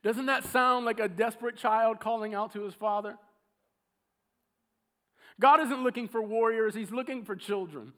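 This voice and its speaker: A man preaching a sermon, telling a story with animated, acted-out quotes. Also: sits high, normal speed, long pauses.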